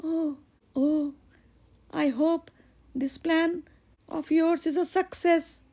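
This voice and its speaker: A woman voicing a sweet, eager young daughter, speaking in a high pleading voice. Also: steady tone, slow, warm tone, heavily acted. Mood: hopeful.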